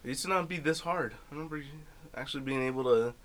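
A man's voice: medium pitch, fast, a bit bright, slight background noise. A young man co-hosting a podcast, chatting casually and ranting in a loose, grumbling way. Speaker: podcast co-host. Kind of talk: casual chat.

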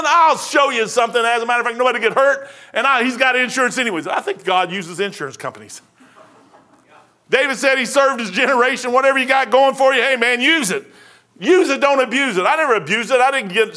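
A middle-aged male pastor preaching a sermon in a folksy, rambling storytelling way, with loud bursts. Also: sits high.

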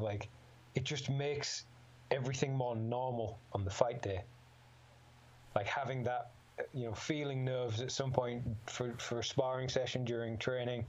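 A man talking casually about fighting, rambling, swearing freely and laughing often. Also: medium pitch. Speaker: amateur MMA fighter guest. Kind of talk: casual chat. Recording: slightly dull lo-fi sound.

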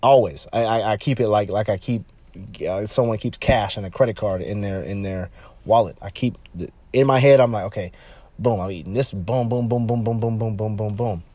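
A man talking casually and bluntly about dating, animated and repetitive, jumping higher when he quotes people. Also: a little fast, no echo. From California, United States. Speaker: relationship advice talker. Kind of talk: casual monologue.

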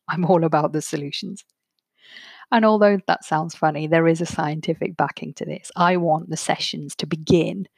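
A woman, a therapist hosting her own podcast, explaining ideas in a clear, measured way and slowing down to stress key phrases. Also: deep voice, no room sound, clean studio sound. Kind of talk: solo podcast talk.

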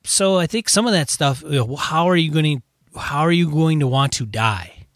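A man co-hosting a casual gaming podcast, thinking out loud in halting sentences full of "like" and "you know". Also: on the high side, animated, no echo, studio quality. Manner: halting, full of fillers and restarts. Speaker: podcast co-host. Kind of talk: casual chat.

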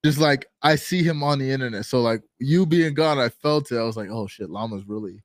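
A man's voice: fairly high pitch, fairly quick, no room sound. A man co-hosting a podcast in casual chat, slangy and laid-back, often trailing off mid-sentence. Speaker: podcast co-host.

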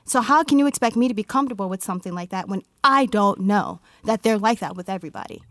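A woman's voice: mid-range voice, lively intonation, quick pace, dry recording, studio quality. A woman co-hosting a casual chat, blunt and argumentative, swearing freely. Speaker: podcast co-host.

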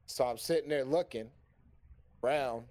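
A man's voice: mid-range voice, normal speed. A man telling a long story in a casual chat, cursing freely and acting out the lines of the people in it. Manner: animated, profane, acts out quoted dialogue.

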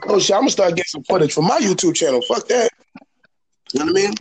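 A man's voice: high-pitched, fast talker. A man casually telling a story, acting out both sides of an argument. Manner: animated storytelling, acting out a confrontation. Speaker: storyteller on a call. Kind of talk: casual chat. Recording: noisy phone line with clicks.

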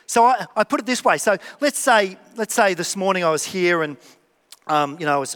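A man's voice: sits high, bright, forceful tone. A man preaching a conversational sermon, acting out little dialogues and repeating key phrases. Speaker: pastor. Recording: long reverb of a hall.

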